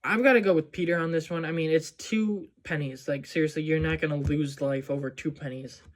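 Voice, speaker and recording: A man with a slightly high voice talks through a movie's plot in a loose, casual way. He rambles and fills his speech with "um" and "like" as he goes. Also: fairly even intonation, fairly quick. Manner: rambling, many fillers like "um" and "like". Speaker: movie reviewer.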